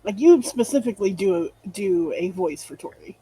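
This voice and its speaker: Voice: medium pitch, expressive, moderate pace, mellow, husky, dry recording, rough recording. A tabletop player chatting casually with the group, earnest and reassuring. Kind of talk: casual chat between tabletop sessions.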